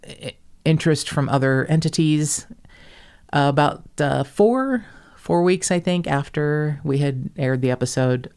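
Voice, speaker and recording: A woman hosts a casual podcast, telling profane, self-mocking stories and acting out the people she quotes. Her voice is a bass voice with a darkish tone.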